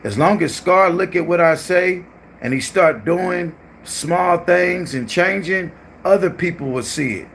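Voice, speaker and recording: A man's voice: sits high, unhurried, creaky, a bit bright, a little hiss or hum. A man hosting a livestream who chats casually, in a loose, profane and repetitive way. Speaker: livestream host.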